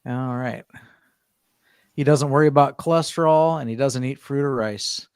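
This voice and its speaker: A man's voice: mid-range voice, moderate pace, a little mellow, smooth, no room sound, studio quality. A middle-aged man hosting a casual online panel chat, reading viewer comments aloud and rambling through his answers.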